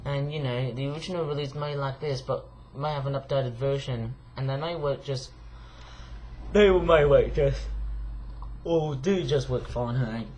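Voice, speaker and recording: A young man talks in a vlog, tired and croaky, rambling loosely with plenty of fillers and false starts. His pitch sits in the middle range. A faint hiss lies under his voice. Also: fairly even intonation, normal speed, hardly any pauses, a little mellow. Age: young adult. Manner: rambling, many fillers and restarts. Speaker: vlogger.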